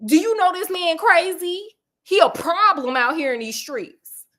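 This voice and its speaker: A woman's voice: extremely high pitch, expressive, unhurried, fairly bright tone, pitched above the performer's own voice, full character voice. A woman voicing a big, strong male harpooner protesting his innocence in slang. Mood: indignant.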